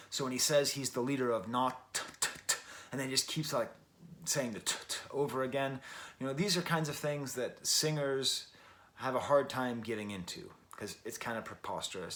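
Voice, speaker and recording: A man's voice: mid-range voice, fairly bright tone. Chatty American man reviewing an album. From Western New York, USA. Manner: rambling and chatty, with frequent self-corrections and wry asides. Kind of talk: casual spoken album review.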